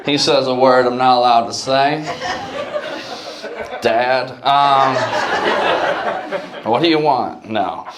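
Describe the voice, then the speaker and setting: A man's voice: mid-range voice, slow pace, long pauses. A man in his twenties from Cleveland doing a loose, chatty stand-up set and talking with the audience. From Cleveland, Ohio. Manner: loose, conversational, chats with the audience. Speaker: stand-up comedian. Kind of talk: stand-up set with crowd work. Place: comedy club. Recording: echoey club room, loud crowd noise.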